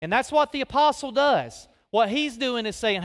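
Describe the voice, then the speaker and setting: Folksy high-voiced preacher. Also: male voice, normal speed. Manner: folksy, animated, directing people onstage. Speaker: guest preacher. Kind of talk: sermon with live skit. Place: large church hall. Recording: long reverb of a big hall.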